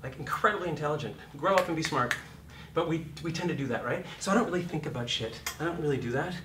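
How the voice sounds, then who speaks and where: A middle-aged man teaching acting in a lecture, swearing freely and acting out scenes with sudden shouts. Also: fairly high pitch, quick pace, far from the mic. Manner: profane, acts out voices and shouts mid-talk. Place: lecture room. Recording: echoey room, heard from off mic.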